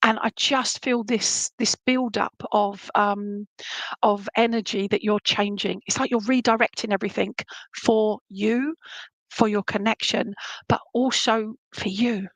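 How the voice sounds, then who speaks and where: A woman's voice: medium pitch, fairly even intonation, unhurried, dry recording, poor audio. A woman giving a live psychic reading to one viewer, rambling and affectionate, often stopping to ask whether what she says makes sense. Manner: warm endearments, rambling, frequent "would that make sense?" check-ins.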